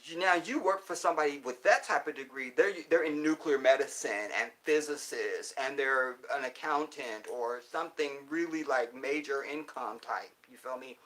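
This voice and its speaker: A male livestream host in loose, casual chat, answering viewer comments with blunt profanity. He lectures in emphatic bursts and keeps checking in with his audience, with a voice of middling pitch for a man. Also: moderate pace, few pauses, a bit bright. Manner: preachy, keeps checking in with the listener.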